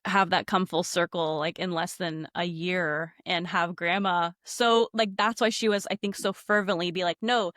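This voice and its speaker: Woman, animated storyteller, acts out quotes, filler-heavy, dry close mic. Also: fairly low pitch, moderate pace, hardly any pauses, no room sound. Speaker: podcast guest, medium. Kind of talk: casual storytelling.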